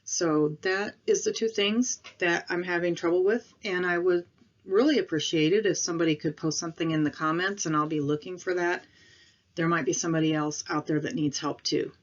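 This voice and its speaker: A woman with a Midwestern accent talks casually into her camera at home. Her voice sits low, and she rambles a little, with pauses and apologies. The recording is dull and lo-fi. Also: fairly even intonation. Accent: Midwestern American. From Midwestern United States. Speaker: vlogger.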